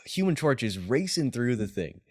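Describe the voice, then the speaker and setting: A man's voice: medium pitch, normal speed. A man hosting a casual movie review chat, talking eagerly with a rambling flow. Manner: excited, rambling, with fillers and laughs. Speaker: podcast host, movie reviewer.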